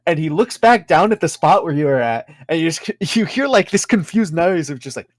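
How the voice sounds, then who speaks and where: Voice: mid-range voice, very animated, fairly quick, no room sound. A game master narrating a tabletop game, rambling with many fillers and frequent giggles.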